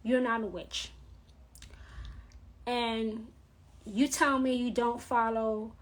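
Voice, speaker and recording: A woman's voice: a little high, flat delivery, takes it slowly. A woman vlogger ranting in a blunt, profane, scolding monologue. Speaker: witch vlogger.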